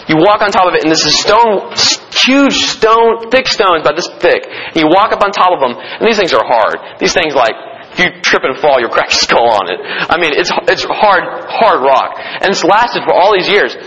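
A man's voice: high-pitched, bright, forceful tone. A man preaching a sermon to a congregation, talking conversationally and emphatically as he teaches from the Bible. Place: meeting room or church. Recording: dull lo-fi sound with long hall reverb.

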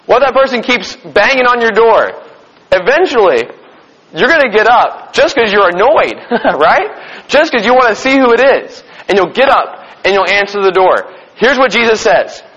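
A man preaching an emphatic sermon in a high, husky voice, hammering key phrases again and again. The sound is dull and muffled, and his words ring out through a long hall reverb. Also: sing-song, normal speed, fairly bright tone. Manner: emphatic, repeats key phrases, asks the congregation questions.

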